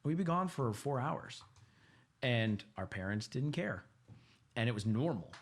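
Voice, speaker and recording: A man co-hosting a podcast, telling childhood stories in a relaxed, casual chat. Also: medium pitch, unhurried. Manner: laid-back storytelling with laughs and acted quotes. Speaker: podcast co-host.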